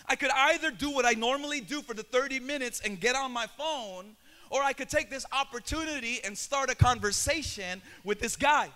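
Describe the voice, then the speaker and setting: Young filipino pastor guy, really high voice, preaching hard and getting loud. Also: moderate pace. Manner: passionate, builds to shouting, mixes in Tagalog. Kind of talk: sermon.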